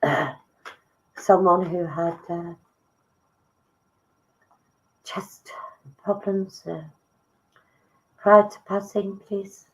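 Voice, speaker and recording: A woman giving live psychic readings, soft and emotive, calling listeners darling. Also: on the low side, fairly even intonation, drawn-out words, long pauses, low-quality recording. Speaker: psychic medium.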